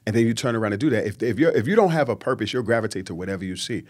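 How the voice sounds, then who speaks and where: A man, a guest on a podcast, talking in a lively, preachy way and mimicking people he quotes. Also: fairly low pitch, racing. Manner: animated, preachy, acts out quotes in mocking voices. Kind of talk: casual podcast conversation.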